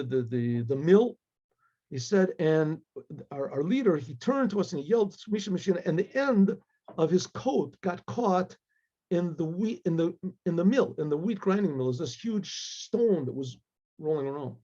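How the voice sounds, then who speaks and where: Man, rabbi, storytelling, high voice, mellow tone, halting delivery, dull lo-fi recording. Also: slightly rough. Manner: halting, many restarts and asides. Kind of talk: storytelling talk.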